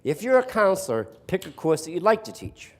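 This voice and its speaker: With a high, sing-song voice and a fairly quick pace, an older man from the East Coast gives a storytelling workshop talk. Sarcastic by nature, he questions the teachers in his live audience.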